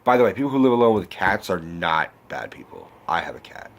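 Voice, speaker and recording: A man in his twenties ranting about a movie in a casual vlog, swearing often and breaking into loud exclamations. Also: low-pitched, fairly quick, gravelly. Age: 20s. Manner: animated, swearing, bursts of shouting. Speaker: vlogger. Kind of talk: profane movie rant.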